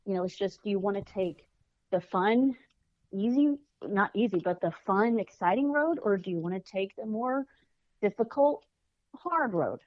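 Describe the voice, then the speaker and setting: A woman guest on a podcast, a children's author and life coach, telling stories in lively, casual chat and acting out the quotes. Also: mid-range voice, moderate pace, no echo, muffled recording. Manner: animated storyteller, acts out quotes.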